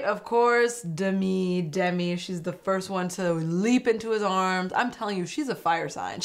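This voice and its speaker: A woman giving a chatty recap commentary, laughing often and acting out quotes. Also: mid-range voice. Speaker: recap vlogger.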